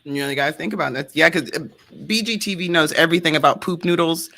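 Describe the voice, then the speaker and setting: A woman's voice: deep voice, fast talker, creaky, sharp tone. A woman co-hosting a casual livestream, teasing and giggling. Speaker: livestream co-host.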